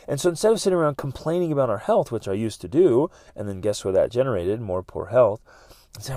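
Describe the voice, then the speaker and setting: A man's voice: mid-range voice, lively intonation, quick pace, darkish tone, dry recording, studio quality. A middle-aged man hosting a motivational podcast, talking earnestly and often restarting his sentences. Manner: earnest, repeats words, many restarts. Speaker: podcast host.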